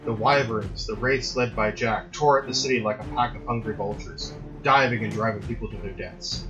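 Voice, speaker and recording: A man reading a dramatic story aloud in a steady storytelling voice. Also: on the low side, muffled recording. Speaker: narrator. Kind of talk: scripted audiobook narration.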